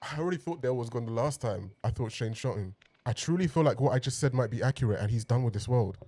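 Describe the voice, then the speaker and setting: A man's voice: medium pitch, animated, fast, dark tone, no echo. A man hosting a TV reaction video, talking expressively to his viewers, laughing and trailing off as he reacts. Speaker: TV reaction host. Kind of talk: emotional reaction commentary.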